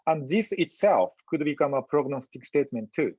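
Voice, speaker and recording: A man giving a medical lecture in a webinar, speaking in a halting, measured way with frequent pauses and fillers. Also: a little high, lively intonation, a little mellow, breathy edge, dry recording, muffled recording. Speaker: physician lecturer.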